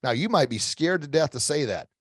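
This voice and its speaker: A man's voice: a little high, expressive, brisk, dry recording, studio quality. A middle-aged man speaking as a guest expert in an interview, giving emphatic motivational coaching advice with repeated phrases and frequent restarts.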